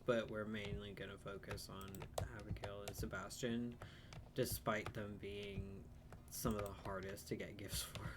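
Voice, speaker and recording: A man's voice: on the low side, background noise. A man streaming a farming game, chatting casually and self-deprecatingly about his plans as he plays. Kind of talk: casual let's-play commentary.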